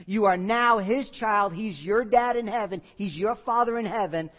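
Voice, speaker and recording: A man's voice: high voice, normal speed, in a large hall, dull audio. A man preaching a sermon, earnest, with small jokes and asides to the congregation. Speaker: pastor.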